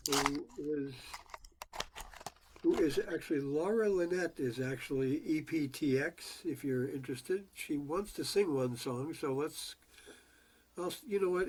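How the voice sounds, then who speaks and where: A man's voice: on the high side, a little hiss or hum, rough recording. A man hosting an online music gathering, thanking performers and calling the next one up. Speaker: host. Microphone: video call.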